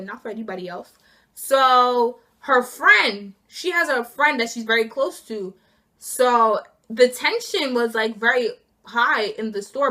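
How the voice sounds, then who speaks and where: Animated, high-voiced teen girl ranting. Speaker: student vlogger. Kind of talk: casual storytime vlog.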